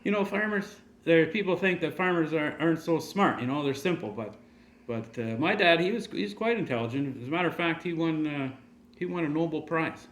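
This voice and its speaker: A man's voice: on the high side, a little fast, fairly bright tone, slight background noise, pitched above the performer's own voice, close to an everyday voice. A man voicing a proud, plainspoken old male farmer who talks in a folksy, rambling way. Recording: echoey room.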